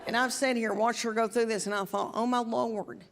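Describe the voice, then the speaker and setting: A woman's voice: fairly high pitch, fairly even intonation, fast, heavy background noise. Southern woman in her fifties doing stand-up. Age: 50s. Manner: folksy, chatty, drawling. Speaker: stand-up comedian. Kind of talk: stand-up comedy. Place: live comedy venue with audience.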